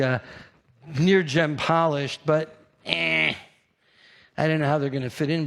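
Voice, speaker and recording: An older man with a New York accent giving a brash, animated conference keynote, teasing the audience. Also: a little high. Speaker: keynote speaker.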